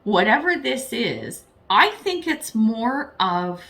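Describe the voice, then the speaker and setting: A woman's voice: on the high side, very animated, slow pace, a bit bright. Chatty, foul-mouthed woman tarot reader. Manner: chatty and frank, swears freely; addresses viewers directly, self-deprecating asides. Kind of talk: casual tarot reading to camera.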